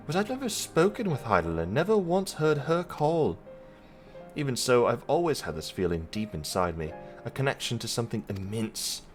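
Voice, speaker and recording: Man reading as an anxious young woman. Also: mid-range voice.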